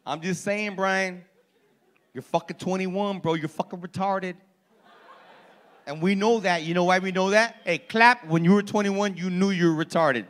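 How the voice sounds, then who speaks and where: A man in his forties doing crowd-work stand-up in a comedy club, loud and profane, teasing people in the audience. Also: high voice, moderate pace. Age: 40s.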